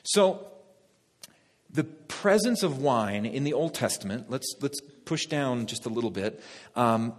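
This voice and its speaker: Man, pastor, sermon, lively asides to the congregation, long hall reverb. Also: medium pitch. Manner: lively, talks to the congregation, laughs at own jokes.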